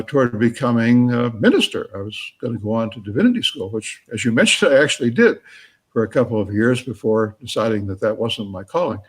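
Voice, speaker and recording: A man with a husky, slightly rough voice answers questions at a live talk, sitting at a middle pitch. He speaks haltingly, with lots of fillers, and chuckles as he thinks his answers through. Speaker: author answering audience questions.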